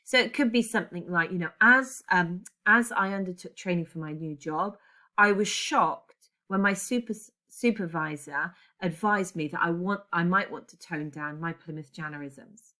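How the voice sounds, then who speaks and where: Bright-voiced chatty woman teacher in her forties. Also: lowish voice, normal speed. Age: 40s. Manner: chatty, digressive, self-correcting. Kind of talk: classroom lesson.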